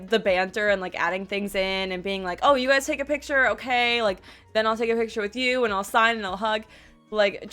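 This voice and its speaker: A young woman chats through a gushing story on her stream, her voice high and bright, edging toward sharp. She talks in a quick, casual flow full of fillers and quoted lines. Faint music plays under her voice. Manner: gushing, chatty, lots of "like" and quoted dialogue.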